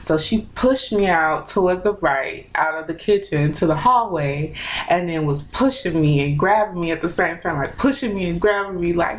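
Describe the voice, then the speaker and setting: A young woman telling a personal story in a casual, animated, chatty way with lots of fillers. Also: on the low side, normal speed, a little hiss or hum, low-quality recording. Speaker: vlogger.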